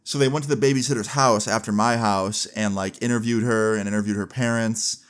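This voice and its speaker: A man's voice: fairly low pitch, steady tone, fairly quick, clear, resonant tone. A young man in a casual storytime vlog, chatty and candid, filling his sentences with "like" and swearing freely. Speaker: vlogger.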